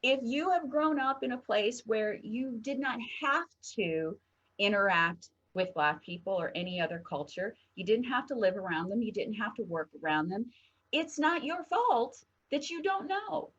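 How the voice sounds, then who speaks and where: A woman co-hosting a heartfelt discussion show, telling stories in an animated way and acting out quotes. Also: fairly high pitch, moderate pace, muffled recording. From northern United States. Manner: animated storyteller, acts out quotes. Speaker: co-host.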